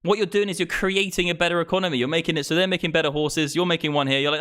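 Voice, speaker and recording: A crypto livestream host, a young man, fires off a profane political rant in a high-ish, fairly bright voice. The delivery is rapid-fire with few pauses, and he grows increasingly worked up at his streaming mic.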